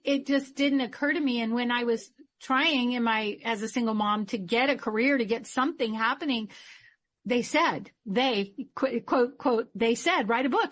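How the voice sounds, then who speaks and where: A woman's voice: a little high, moderate pace. A middle-aged woman hosting a podcast, telling stories and acting out quoted dialogue in casual chat. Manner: animated storyteller, acts out quoted dialogue. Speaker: podcast host.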